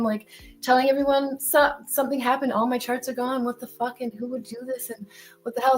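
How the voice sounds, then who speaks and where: A woman co-hosting a casual stream, animated as she tells her story, swearing often and acting out her own lines. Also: medium pitch, low-quality recording. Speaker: stream co-host. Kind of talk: casual chat.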